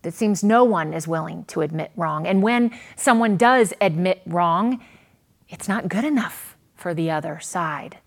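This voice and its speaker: A woman preaching a sermon. She speaks slowly in a slightly low voice, with long dramatic pauses. Her volume swells on key words and drops almost to a hush. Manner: earnest, dramatic pauses, rises and falls in volume.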